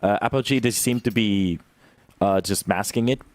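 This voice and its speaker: A young man giving live play-by-play commentary on an esports match, swinging from calm analysis to loud bursts of excitement. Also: moderate pace, no echo. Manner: calm analysis that jumps to loud, high-pitched excitement on big plays. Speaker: esports caster.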